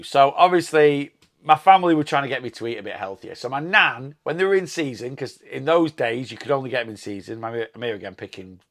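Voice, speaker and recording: A man's voice: medium pitch, gravelly, a bit bright. A man, casually chatting in his weight loss vlog, rambling and enthusiastic about food. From England.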